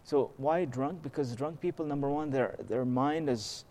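Relaxed and explanatory, a mid-range-voiced teacher works through a scripture lesson, tossing out rhetorical questions and a quick "okay?" to keep listeners engaged. Every so often he breaks into melodic recitation of verses in Arabic.

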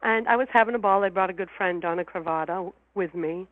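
A woman's voice: fairly low pitch, a little fast, no echo. Heartfelt woman guest on a phone line. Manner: heartfelt, emotional, repeats words. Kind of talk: personal storytelling in an interview.

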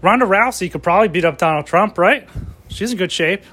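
A man ranting as a comedian, excitable and profane as he riffs. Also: high-pitched, a little fast.

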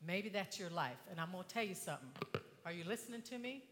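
An older woman giving a motivational talk to an audience, impassioned, swinging from hushed tones to shouting. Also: fairly low pitch, expressive, quick pace, in a large hall, slight background noise. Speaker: inspirational speaker.

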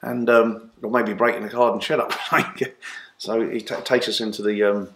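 A man, a guest in an interview, telling long animated anecdotes full of restarts and fillers. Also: fairly low pitch, normal speed. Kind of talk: casual storytelling interview. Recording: roomy echo.

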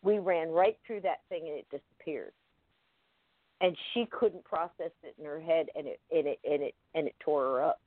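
A guest in an interview tells a first-person story in a halting, vivid way, full of restarts and fillers. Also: medium pitch, dry recording. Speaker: guest recounting an experience. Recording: tinny phone-line sound, dry.

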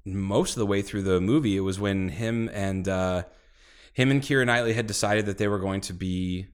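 A man with a lowish voice chats casually as a podcast co-host. He tells stories in a loose, rambling way, with a lot of swearing and put-on quotes. Pure relaxed banter between friends. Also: normal speed, smooth. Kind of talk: casual chat.

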